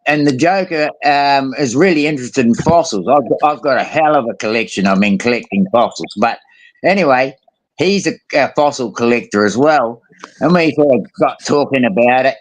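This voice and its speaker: A man's voice: mid-range voice, expressive, normal speed. A man telling a story in casual chat, slangy and acting out quotes. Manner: colloquial, swearing, acts out quotes.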